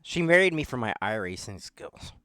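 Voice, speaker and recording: A man's voice: mid-range voice, big pitch swings, normal speed, a bit bright, no room sound, studio quality. A man hosting a podcast in casual chat, rambling and self-deprecating, with lots of fillers. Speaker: podcast host.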